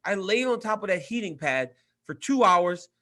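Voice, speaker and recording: A man in his forties with a fairly high voice chats casually as co-host. He tells stories with gusto, doubles up his words and acts out what other people said. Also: normal speed. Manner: animated storyteller, acts out quotes, repeats words. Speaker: co-host, former fighter. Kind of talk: casual chat.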